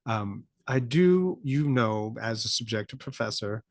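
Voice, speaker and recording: A man's voice: mid-range voice, expressive, unhurried, no echo. Dry-voiced man ranting with wry laughs. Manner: rambling, laughs in disbelief, rising to incredulous peaks. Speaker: podcast host. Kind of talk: casual political commentary.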